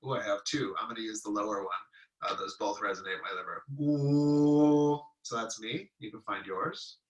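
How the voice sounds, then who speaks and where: Guy leading a meditation, calm and soft, long chanted tones, echoey room, mic kinda far off. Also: fairly low pitch, fast talker, highs cut off. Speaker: meditation teacher. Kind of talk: guided healing-sound meditation.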